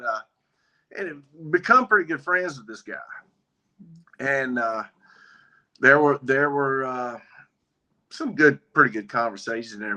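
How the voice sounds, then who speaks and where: A man with a bright, ringing tone tells a personal story in a relaxed, folksy manner. He often slips into quoted back-and-forth dialogue. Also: mid-range voice. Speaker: guest, biker ministry member. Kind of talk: casual storytelling interview.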